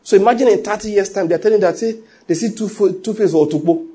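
A middle-aged man preaching a sermon, telling stories with animated quoted voices and frequent laughs. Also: high voice, fast, slightly rough. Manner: animated storytelling, laughs often, acts out quotes. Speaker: pastor.

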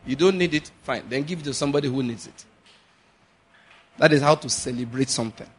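A man's voice: medium pitch, brisk, pauses often, slight background noise. A man preaching a sermon as pastor, slipping into pidgin asides and acting out little scenes. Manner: animated preaching with pidgin asides and acted-out quotes.

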